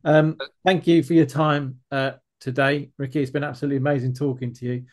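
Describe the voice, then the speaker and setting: A man's voice: mid-range voice, level tone, fairly quick. A man hosting a podcast interview who responds easily and laughs often, speaking into a filtered podcast mic. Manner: easy, laughs often, brief backchannels. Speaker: podcast host.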